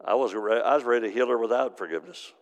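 A middle-aged man preaching a sermon as pastor, telling stories and swinging from hushed to loud. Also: medium pitch, quick pace. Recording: long hall reverb.

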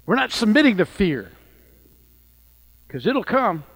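A man's voice: high-pitched, sing-song, unhurried, fairly bright tone, low-quality recording. A middle-aged man preaching a sermon, telling stories with rising fervor. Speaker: pastor.

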